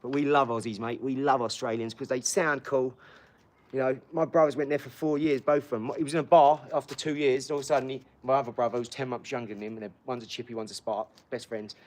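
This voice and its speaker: Broadcasting a casual live stream from his home garage, a man talks fast in a medium-pitched, steady voice. He's hyped and slangy, calling his viewers "dog" and "mate."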